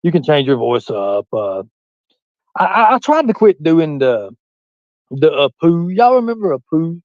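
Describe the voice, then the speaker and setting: A man's voice: a little high, very animated, unhurried, dry recording, muffled recording. Rambling man with a hillbilly drawl. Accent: Southern US hillbilly. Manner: rambling, swears freely, reads chat aloud. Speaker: livestream host. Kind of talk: casual livestream chat.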